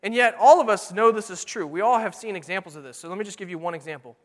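A middle-aged man preaching a sermon in a church, earnest and emphatic, slowing down to read scripture. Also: sits high. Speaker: pastor. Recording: long hall reverb.

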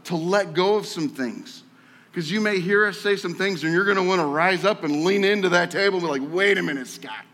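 A man preaching a sermon as pastor, talking in a conversational, animated way and often repeating words as he tells a story. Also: sits high. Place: church sanctuary. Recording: echoey hall with long reverb.

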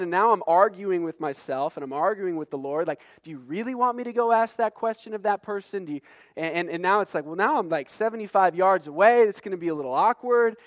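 A man's voice: high voice, dry recording, clean studio sound. A middle-aged man, a pastor preaching a sermon in an earnest, conversational way, mixing scripture with personal stories and stumbling restarts.

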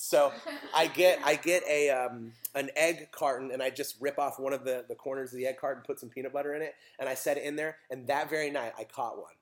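A man's voice: mid-range voice, fast talker. A man preaching a casual sermon, chatty and joking, asking his listeners questions.

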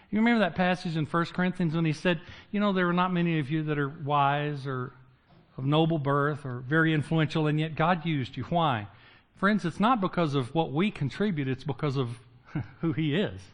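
A man preaching a sermon, retelling Bible stories and acting out the characters with humor. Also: a little high. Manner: lively, acts out biblical characters with humor. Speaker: pastor.

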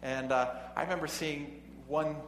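A man with a fairly high voice preaches in a big, echoey hall, with a faint hum behind him. He reads scripture and then drifts into a chatty story, chuckling and restarting his sentences as he goes. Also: steady tone, normal speed. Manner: conversational, chuckling asides, frequent restarts. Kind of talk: sermon with storytelling.

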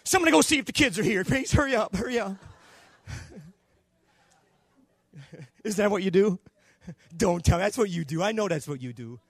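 An older man preaching a Pentecostal sermon, telling a story and acting out the dialogue, going from hushed to shouting. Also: high-pitched, animated, normal speed, pauses often, slightly rough, dry recording. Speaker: pastor.

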